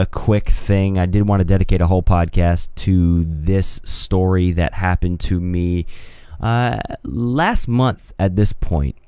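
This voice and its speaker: A man's voice: low-pitched, warm tone, no echo. A young man hosting a casual solo podcast, talking in a rambling, hesitant way with many restarts and fillers into a home studio mic. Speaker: podcast host. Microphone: studio mic on a home mixer setup.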